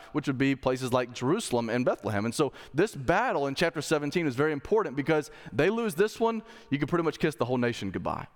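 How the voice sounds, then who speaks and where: A male pastor preaching a sermon in a relaxed, conversational way, with slang asides, building to emphatic points. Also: a little high, big-room sound. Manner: rises to emphatic intensity when making a point. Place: church sanctuary.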